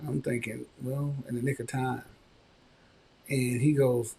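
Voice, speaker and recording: Podcast host, male, husky with some gravel, mellow tone, chatty storyteller. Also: medium pitch, a little slow. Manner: conversational, animated when quoting others. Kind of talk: casual storytelling and advice talk.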